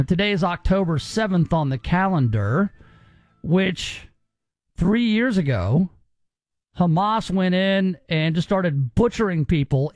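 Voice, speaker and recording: A man with a fairly high, bright voice hosts a talk radio show. He talks into a studio mic in a loose, emphatic way, often stumbling and restarting his words. The sound is dry and close. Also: no room sound.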